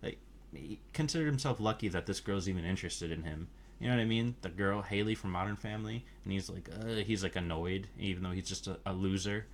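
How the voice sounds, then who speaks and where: Man, very low voice, casual rambling movie recap, crude and offhand, faint hiss behind. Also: fairly quick. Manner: offhand, crude, meandering with many fillers. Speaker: movie reviewer.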